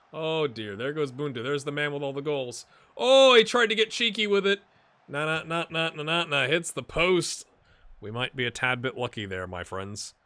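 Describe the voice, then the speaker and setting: Excitable man commentating his football game. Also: on the high side. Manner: excitable, swings from mumbling to shouting at near misses. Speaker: gaming YouTuber. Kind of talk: let's-play commentary.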